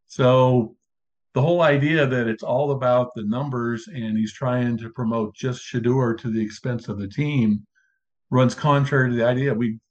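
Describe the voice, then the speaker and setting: A man's voice: medium pitch, a little mellow. Man hosting sports talk, lo-fi sound. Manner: conversational, builds arguments point by point. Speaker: podcast host. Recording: dull lo-fi sound.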